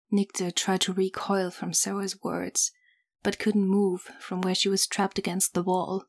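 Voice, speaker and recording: A woman reading fan fiction aloud as an audiobook, steady and measured. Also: medium pitch. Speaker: audiobook reader.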